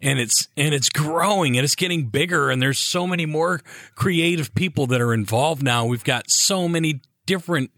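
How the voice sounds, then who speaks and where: A man's voice: fairly high pitch, normal speed, few pauses, a bit bright, no echo, clean studio sound. A man co-hosting a podcast, speaking earnestly and reflectively in casual chat, often restarting his sentences. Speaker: podcast co-host.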